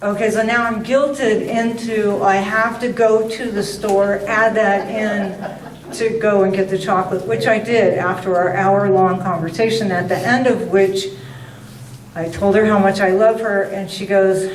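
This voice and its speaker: An older woman giving a guest talk, telling a funny, self-mocking story in a chatty, animated way. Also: mid-range voice, a little slow. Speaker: guest speaker. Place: meeting hall. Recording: roomy hall, distant mic.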